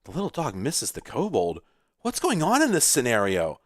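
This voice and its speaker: A man hosts a retro computing video, rambling through casual, profane commentary as he plays an old computer game and bursting into sudden exclamations. His medium-pitched voice swoops wildly at a moderate pace, recorded clean in a studio with no room sound.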